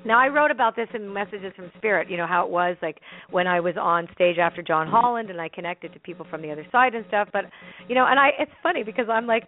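A woman's voice: medium pitch, quick pace. A woman with a Canadian accent, a guest in an interview, telling a story with lots of laughter and acting out her own quotes. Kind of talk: animated storytelling in conversation. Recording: phone-like lo-fi line.

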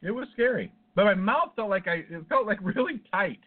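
An expressive, high-sitting male voice moves fairly quickly as this podcast co-host rambles through casual stories full of swearing. The recording has a tinny, phone-like sound.

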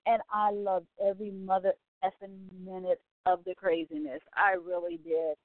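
A woman in her forties hosting a show, chatting casually in an excitable, gushing way full of exclamations. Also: fairly low pitch, moderate pace, dry recording. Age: 40s. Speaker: podcast host. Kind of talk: casual chat. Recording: tinny phone-like line, dry.

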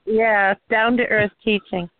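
A woman's voice: mid-range voice, level tone, a little slow, crowd noise. A chatty, enthusiastic woman talking casually as a co-host, laughing easily. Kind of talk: casual chat over a phone line. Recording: tinny phone line.

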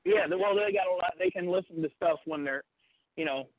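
A man phoning in to a podcast, rambling easily about what he listens to. His voice sits high for a man. The sound is dry and close, thinned by a phone line. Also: fairly quick, dry recording. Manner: rambling, easygoing. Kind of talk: casual chat.

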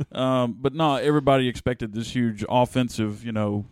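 A man's voice: medium pitch, moderate pace, smooth, no room sound. A middle-aged man co-hosting a casual wrestling podcast, rambling with lots of filler words. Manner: rambling, many "you know" fillers. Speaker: podcast co-host.

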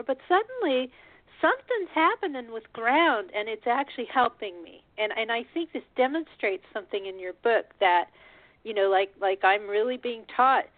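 A woman's voice: fairly high pitch, no echo. A woman in her fifties hosting a talk show, rambling and laughing at herself in casual conversation. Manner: rambling, laughing, self-deprecating. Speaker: radio show host. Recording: tinny phone line.

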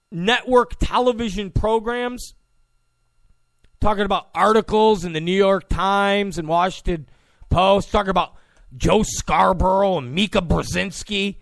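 Guy doing a slow mocking political rant, raspy gravelly voice, bouncy pitch. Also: a bit bright, no echo, clean studio sound. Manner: mocking, acts out quoted people in put-on voices. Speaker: political commentator. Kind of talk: opinion monologue.

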